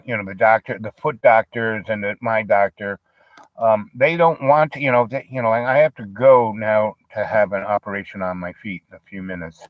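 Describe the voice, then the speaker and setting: A man's voice: on the low side, fairly even intonation, moderate pace, no echo. Older man, rambling casual storytelling, lots of fillers, dull lo-fi sound. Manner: rambling, full of fillers and asides.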